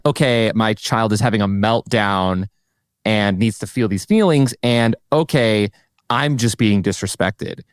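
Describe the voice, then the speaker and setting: This podcast host has a lowish, clear and resonant voice, captured dry with studio quality. He chats with his guest enthusiastically and is quick to agree with and affirm everything the guest says.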